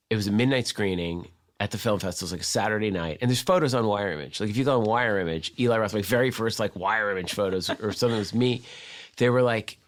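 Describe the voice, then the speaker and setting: A man, a guest on the show, telling a casual anecdote in a fast, profane storytelling manner. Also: on the low side.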